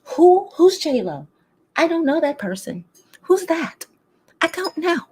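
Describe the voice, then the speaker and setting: A woman putting on a calm, aloof diva voice, slow and haughty. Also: extremely high pitch, a little hiss or hum, voice pushed up, exaggerated voice.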